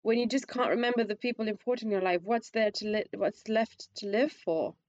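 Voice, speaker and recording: A woman with a squeaky voice talks through her opinion of a film in a loose, conversational way. She stumbles and restarts often, and her voice climbs when she presses a point. The recording is dry and a little dull. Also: steady tone, a little fast, a little mellow, no room sound. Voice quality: self-described squeaky voice. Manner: hesitant, restarts often, rises in pitch when emphatic. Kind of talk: casual film review chat.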